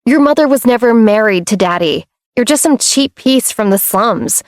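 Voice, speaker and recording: A woman's voice: on the high side, lively intonation, normal speed, no echo, studio quality, voice pushed up, lightly acted. A woman doing Monica, a whiny bratty stepsister. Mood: snide. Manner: snappy, petulant.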